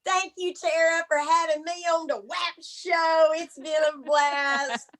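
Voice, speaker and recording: A woman comedian, signing off folksy and unhurried. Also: high-pitched, steady tone. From Birmingham, Alabama, USA. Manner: folksy, warm sign-off. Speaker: stand-up comedian.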